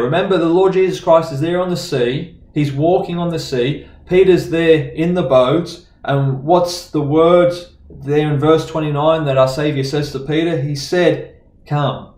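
A man with an Australian accent preaching a sermon, reading scripture aloud and explaining it with halting restarts and repeated words. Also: on the high side, a little mellow, echoey room. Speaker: pastor. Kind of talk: sermon Bible study.

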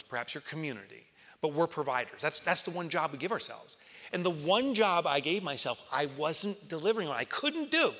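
A man's voice: mid-range voice, pushed and bright. A middle-aged man giving a keynote speech on stage, telling a personal story with feeling and acting out the voices he quotes. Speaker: keynote speaker. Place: large hall, live audience. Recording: live hall reverb.

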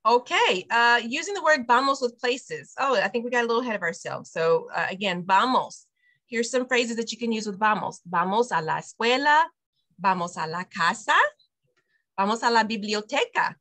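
A woman's voice: on the high side, lively intonation, normal speed, a bit bright. A woman leading an online Spanish class for parents over a video call, explaining phrases step by step. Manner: explains step by step, repeats phrases after the teacher. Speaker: preschool director teaching Spanish to parents.

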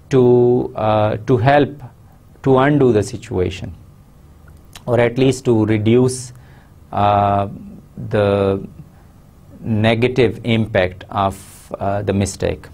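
A man with a Pakistani accent giving a recorded university lecture, measured and explanatory, stressing key words. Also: lowish voice, darkish tone.

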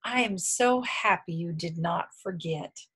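A woman's voice: on the low side, unhurried, a bit bright, husky, exaggerated voice. A woman voicing an eager young boy bear cub in a storybook reading. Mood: cheerful.

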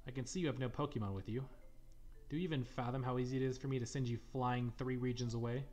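Guy reading as an arrogant sneering thug, threatening, average pitch, faint game music. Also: steady tone, fast talker, a little mellow, natural voice. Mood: contemptuous. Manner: condescending, threatening. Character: arrogant male thug with a Pokémon.

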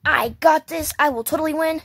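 An eager little soccer girl from a doll play-along brags about her game in a high, slightly husky voice. She sounds excited, as though the win is already hers, voiced by a woman. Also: measured pace, dry recording, clean studio sound. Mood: boastful. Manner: boastful, excited.

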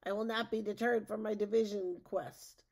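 A woman voicing a scheming, shrill female witch in a storybook read-aloud, shrieking and gleeful. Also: very animated, normal speed, vocal fry, darkish tone, heavily acted.

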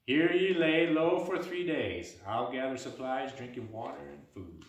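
A man voicing a spirited young tavern girl who talks briskly and bossily, with old-style turns of speech like "ye". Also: mid-range voice, expressive, vocal fry, a little hiss or hum, voice pushed up. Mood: bossy. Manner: brisk, bossy, uses old-style "ye" and "me mum". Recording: echoey room, mic at a distance.

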